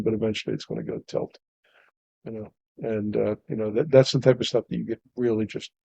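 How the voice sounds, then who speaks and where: A man's voice: fairly low pitch, gravelly, darkish tone, no room sound, rough recording. A man hosting a podcast, talking in a philosophical, emphatic way about truth and experience. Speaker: podcast host. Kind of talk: casual conversation.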